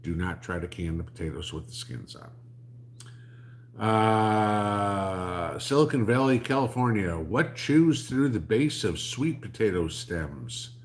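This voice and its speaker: A man's voice: on the low side, animated, takes it slowly, slight background noise. A man, hosting a livestream and answering chat in a blunt, rambling, sarcastic way.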